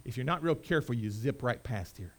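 A middle-aged man preaching a sermon as pastor, rising to loud proclamation and dropping to quiet conversational asides. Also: medium pitch, animated, a little fast.

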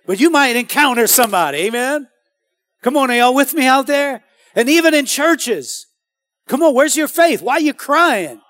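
A man preaching a sermon as pastor, animated and calling out to the congregation. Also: very high voice, no room sound.

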